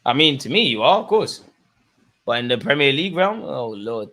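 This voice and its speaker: A young man, commentating live on a football match for his viewers and shouting at the screen. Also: mid-range voice, normal speed. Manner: excitable, swings from muttering to shouting at the screen. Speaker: football watchalong host. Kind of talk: live watchalong commentary, casual.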